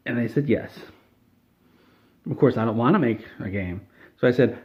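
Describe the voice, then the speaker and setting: A man telling an absurd made-up story in a deadpan, rambling way. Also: mid-range voice, normal speed. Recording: tinny phone-like sound.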